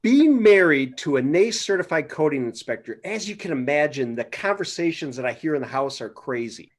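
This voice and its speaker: A man's voice: on the high side, expressive, a little fast. A man co-hosting a podcast, telling a playful, exaggerated story to open the show. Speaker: podcast co-host. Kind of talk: casual storytelling intro.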